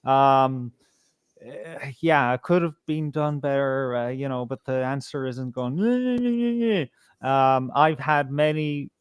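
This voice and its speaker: Male co-host, resonant and close, halting casual talk. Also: medium pitch, steady tone, clean tone, dry recording. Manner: halting, stammering starts, blunt swearing. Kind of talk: casual live-stream chat.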